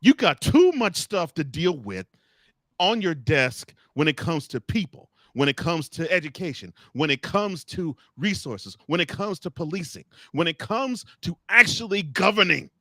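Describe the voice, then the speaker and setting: A man co-hosting a sports talk show, ranting in a mocking, animated way straight at the people he talks about. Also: a little high, normal speed, dry recording, clean studio sound. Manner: animated, mocking rants addressed to coaches. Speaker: podcast co-host.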